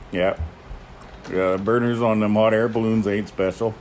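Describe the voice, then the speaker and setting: Folksy older man, lively pitch. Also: slow, background noise. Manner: folksy storyteller, chuckles, clears throat often. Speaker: host, horse teamster. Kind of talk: casual chat answering viewer questions.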